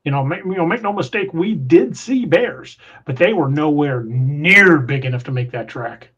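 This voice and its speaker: A man's voice: a little high, lively intonation, normal speed, fairly bright tone. A man hosting a podcast in casual chat, telling a story in a rambling way with frequent restarts. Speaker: podcast host. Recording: muffled lo-fi audio.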